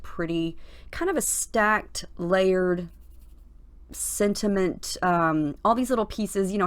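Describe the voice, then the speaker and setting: Scratchy-voiced woman narrating her crafting. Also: fairly low pitch. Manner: chatty, unhurried, frequent fillers. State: scratchy morning voice. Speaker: crafting channel host. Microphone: voiceover recorded separately from the footage.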